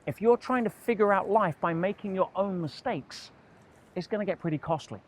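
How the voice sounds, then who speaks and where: A man's voice: high-pitched, moderate pace. A man, a motivational speaker, telling a personal story to camera and acting out the dialogue in quoted voices. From England.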